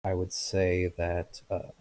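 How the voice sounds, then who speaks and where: A man's voice: sits low, monotone, a little slow, a little mellow, dry recording, low-quality recording. A man narrating a tabletop game as game master, hesitant and full of fillers.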